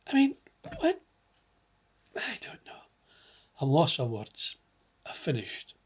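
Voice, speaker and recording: A man's voice: fairly high pitch, wildly swooping pitch, takes it slowly, slightly rough. Ranting middle-aged Scottish man. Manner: ranting, repeats words for emphasis. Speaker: political commentator. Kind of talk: impassioned political monologue.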